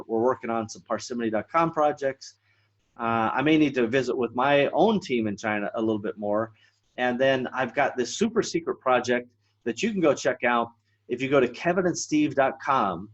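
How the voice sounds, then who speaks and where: In a muffled recording, a medium-pitched man talks through a casual solo podcast episode as its host. His delivery rambles, packed with fillers and restarts.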